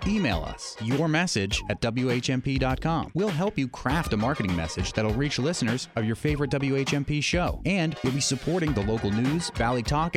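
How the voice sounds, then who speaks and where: A man reads station promos with lots of melody in his voice. Music plays clearly underneath him. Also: mid-range voice. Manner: lively, promotional. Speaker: station announcer. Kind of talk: scripted promo read. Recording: radio promo over music.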